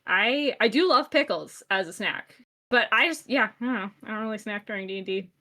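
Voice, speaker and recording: A woman's voice: medium pitch, animated, brisk, bright, forceful tone. A woman introducing herself as a player, friendly and a bit self-effacing. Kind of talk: casual chat.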